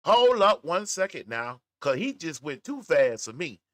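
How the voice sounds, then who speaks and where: Animated man hosting a reaction stream. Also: on the high side, no room sound. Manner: animated, keeps pausing the clip. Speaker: commentary channel host. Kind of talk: reaction commentary on a played call.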